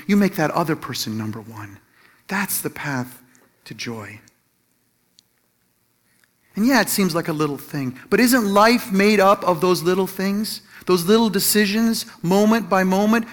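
A man with a notably high voice preaches through a personal story, full of restarts and little laughs. He acts out the quotes as he goes, then drops into a softer, slower voice for his points. Middle-aged and addressing his listeners directly. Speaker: Christian teacher or pastor.

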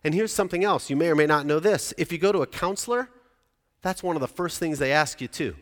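In a reverberant church hall, a pastor in his forties preaches conversationally, often throwing questions to the congregation. His voice is on the high side, with lively intonation and a fast delivery.

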